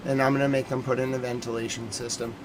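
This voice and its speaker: A man's voice: medium pitch, flat delivery, quick pace. A man rambles through a loose, joking stream monologue in a mid-range voice. He gets carried away and laughs at his own ideas. A faint hiss sits under the recording. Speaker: host of a nightly news recap stream. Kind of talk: casual rambling livestream monologue.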